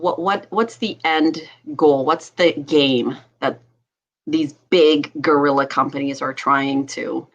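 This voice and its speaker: A woman who is a doctor and hosts a health talk show, talking with animated passion and laughing often. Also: low voice, slow pace, lo-fi sound. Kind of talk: casual talk show chat.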